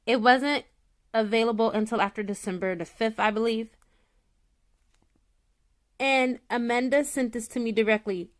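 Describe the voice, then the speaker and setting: A woman's voice: a little high, normal speed, pauses often. A woman tarot reader chatting casually to her viewers, emotional and gushing, close to tears as she talks. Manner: animated and excitable, swings from soft to loud.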